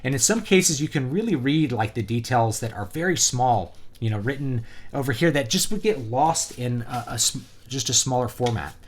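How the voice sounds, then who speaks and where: A man in a casual review video, giving his opinions on a printed book. He talks conversationally and fills the pauses with ums and uhs. His pitch sits in an ordinary middle range. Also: animated. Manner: conversational, opinionated, many fillers. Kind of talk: casual product review vlog.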